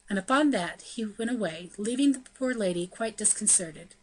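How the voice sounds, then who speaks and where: A woman narrating a classic novel as an audiobook, steady and measured. Her voice sits in a middle register and keeps an even pace. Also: mid-range voice, slight background noise, poor audio. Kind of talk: scripted narration.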